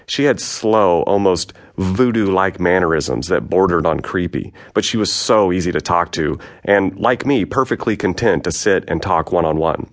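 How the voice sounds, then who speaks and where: A man with a very low voice reads his own memoir aloud for an audiobook. His storytelling is frank and matter-of-fact, with an even, unhurried delivery. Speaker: author narrating his memoir.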